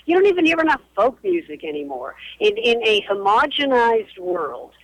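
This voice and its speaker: A woman in her sixties from the Boston area, a radio historian and author, calls into a radio show as a guest and tells stories with animated emphasis. Her voice sits high with vocal fry, she speaks at normal speed, and the phone audio is poor.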